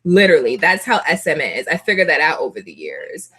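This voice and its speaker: A young woman vlogger of Puerto Rican heritage chatting casually to camera, laughing often and gushing like an excited fan. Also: low voice, brisk, husky.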